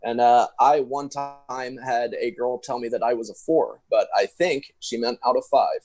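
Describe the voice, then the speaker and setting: A man's voice: mid-range voice, fairly even intonation, moderate pace, a little mellow, soft background music. A man co-hosting a sports podcast, joking around and swearing casually. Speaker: podcast co-host.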